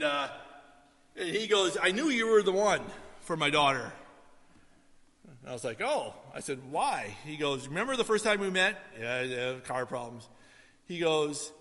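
A male pastor, preaching a sermon in a relaxed, storytelling way with asides to the congregation. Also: a little high. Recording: long hall reverb.

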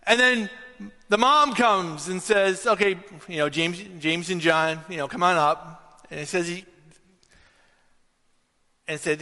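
A man's voice: high-pitched, slow, long pauses, bright, forceful tone. Man preaching in a reverberant church hall. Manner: conversational, rises to emphatic questions. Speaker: pastor. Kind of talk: sermon with storytelling.

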